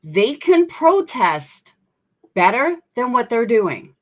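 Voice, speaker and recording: A woman's voice: a little high, big pitch swings, slow. A woman hosting a commentary channel, talking bluntly and indignantly and swearing freely. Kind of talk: opinionated commentary.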